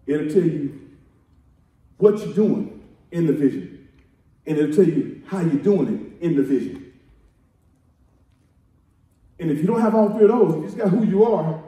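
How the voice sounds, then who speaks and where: A male pastor preaching a sermon with rhythmic repetition and call-and-response, rising to shouts at the peaks. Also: high voice. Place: church sanctuary. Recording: echoey church hall, mic at a distance.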